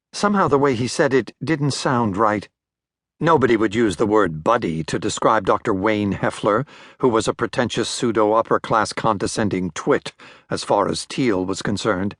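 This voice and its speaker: An older man narrating a thriller audiobook in a measured, wry manner, close to a studio mic. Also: fairly low pitch, a bit bright, no room sound. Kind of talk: scripted narration.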